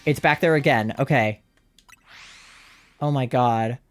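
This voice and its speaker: A young adult man chatting through a live game stream, rambling when calm and then panicked and swearing with excitement. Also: mid-range voice, slow pace, faint music behind.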